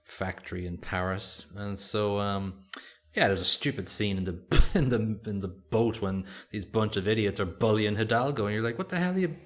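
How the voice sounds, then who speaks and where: A man's voice: fairly low pitch, fairly even intonation, moderate pace, hardly any pauses. A man co-hosting a podcast, chatting casually and rambling with lots of fillers. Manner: rambling, hesitant, many fillers. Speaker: podcast co-host. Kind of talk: casual chat.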